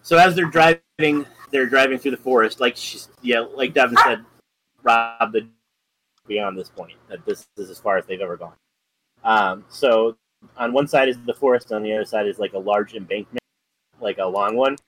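A man's voice: fairly low pitch, normal speed, fairly bright tone, a little hiss or hum, rough recording. Rambling man retelling a story. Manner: rambling, full of ums and likes. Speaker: podcast co-host. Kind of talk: casual chat, retelling a story.

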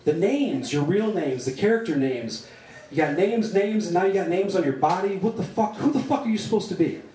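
A man's voice: sits high, expressive, a little fast, mellow, voice pushed up. A man voicing a frazzled, volatile male film director who curses in exasperation, during a story reading. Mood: exasperated. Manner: exasperated, cursing. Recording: roomy sound from a distant mic.

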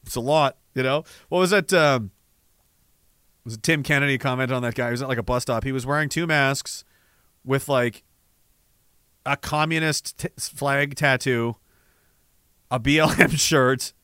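A man's voice: medium pitch, moderate pace, pauses often, bright, forceful tone, smooth, no echo, studio quality. A man, hosting a livestream and reading out viewer messages in a rambling, profane and sardonic way. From Canada. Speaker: livestream host.

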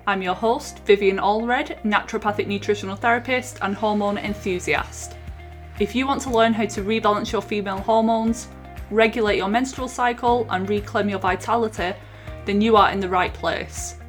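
A woman hosting a podcast, reading a scripted intro in a clear, friendly, measured way before welcoming her guest. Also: medium pitch, fairly even intonation, soft background music. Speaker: podcast host.

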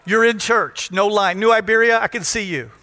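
A man from Louisiana preaching to a congregation in a joking, emphatic way, his voice pitched very high for a man and bright. The sermon rings out with a long reverb in a big church hall. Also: moderate pace, a faint crowd. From Louisiana, USA. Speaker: pastor. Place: large church in front of a congregation.

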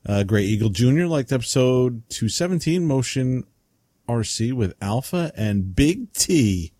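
A man co-hosting a casual podcast, upbeat and quick to laugh and react. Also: medium pitch, lively intonation, warm tone, no echo. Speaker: podcast co-host.

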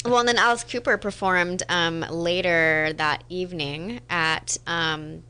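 A young woman co-hosting a casual chat, bubbly and quick to laugh, with lots of "like" in her talk. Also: lowish voice, fairly even intonation, pushed and bright, clear, resonant tone. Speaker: co-host.

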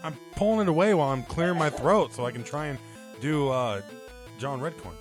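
A man co-hosting a podcast in casual chat, tossing in quick jokes. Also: fairly high pitch. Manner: joking, quick wisecracks. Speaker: podcast co-host. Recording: music playing clearly behind.

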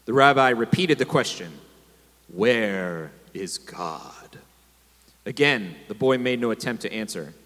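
A man's voice: medium pitch, animated, a little fast, hardly any pauses, fairly bright tone. Male preacher, sermon delivery with call-and-response, reverberant sanctuary sound. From America. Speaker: pastor. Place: congregation hall. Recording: long hall reverb.

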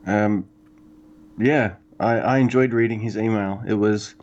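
A man co-hosting a podcast in casual chat, excitable and rambling, cursing often. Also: lowish voice, a little slow, dull audio. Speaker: podcast co-host.

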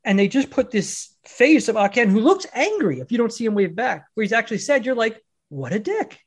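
Animated storytelling man, chatty film talk. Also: extremely high pitch, brisk, slightly rough. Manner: animated storyteller, laughing often. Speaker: podcast co-host. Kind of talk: casual film chat.

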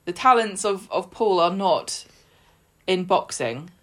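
A woman's voice: lowish voice, lively intonation, slow. Woman podcast host, chatty recap, acts out the characters, laughs a lot. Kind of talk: casual chat recapping a soap.

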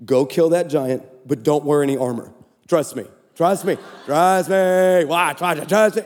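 A man voicing God, speaking low and hushed to coax and reassure. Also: a little slow, natural voice. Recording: echoey large hall.

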